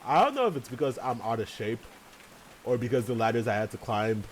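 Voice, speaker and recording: Gaming host, male, rambling and laughing, animated pitch, faint room noise behind. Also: fairly quick, poor audio. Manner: chatty, rambling, swears, laughs often. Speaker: let's play host. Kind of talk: casual gaming commentary. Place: home room with large windows.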